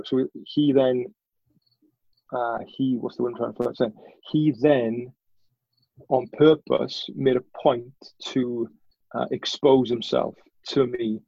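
Male guest, earnest and halting, dry close sound. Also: medium pitch, vocal fry, husky, dry recording, lo-fi sound. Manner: earnest, halting, with frequent restarts. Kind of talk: candid personal storytelling.

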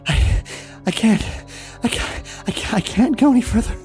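A small, frightened girl in a tabletop game pleads in a strained, breathless voice. Her pitch climbs far above the speaker's own low register, as a man puts her on. There is a faint trace of music behind her. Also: normal speed, a little mellow. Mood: desperate. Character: frightened little girl refugee.

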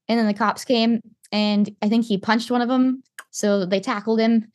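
A young woman casually telling a story in a chat, animated and swearing, acting out what people said. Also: fairly high pitch, moderate pace, few pauses, no room sound, studio quality. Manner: animated, swearing, acts out quotes.

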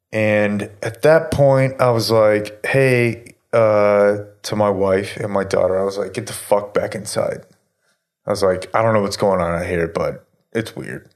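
A man's voice: sits low, fairly even intonation, slow. A man in his thirties telling a story in casual chat, rambling with lots of fillers and swearing. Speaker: podcast host telling a story.

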